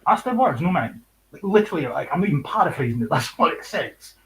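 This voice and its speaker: A man's voice: fairly high pitch, very animated, quick pace, fairly bright tone, low-quality recording. Young Scottish man, livestream host; casual, cutting, sweary delivery with bursts of laughter. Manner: sweary, scornful, laughs between points. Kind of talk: casual chat.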